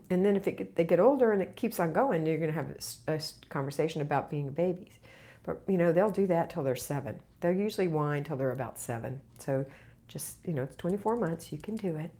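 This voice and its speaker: Speaking fairly quickly in a deep, dark, expressive voice, a middle-aged home organizing host reads viewer comments on a live question-and-answer stream. She answers each with chatty encouragement.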